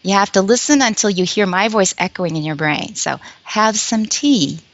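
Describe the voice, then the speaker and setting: A woman's voice: medium pitch, animated, brisk, highs cut off. A woman, an English professor, explaining a language learning method as an interview guest, patient and demonstrative, repeating short phrases for the listener.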